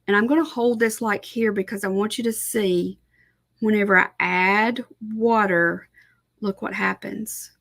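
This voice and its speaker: Middle-aged woman, art teacher on a live stream; slow, gravelly, chatty, thinks aloud. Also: medium pitch, fairly bright tone. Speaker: art instructor. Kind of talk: live painting tutorial.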